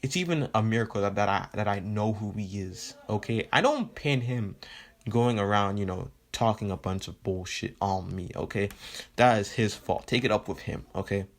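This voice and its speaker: Guy doing a cold teen hero kid, blunt, tells people off, deep-ish. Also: lively intonation, moderate pace. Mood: scolding. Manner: blunt, scolding, swearing. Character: cold, cutting teenage boy hero.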